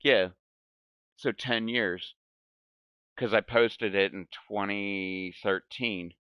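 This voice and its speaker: A man's voice: on the low side, fairly even intonation, takes it slowly, clean tone, dry recording, muffled recording. A man hosting a gaming channel, telling a story in casual chat. He rambles, swears a lot and keeps saying "like". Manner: rambling, profane, fills speech with "like".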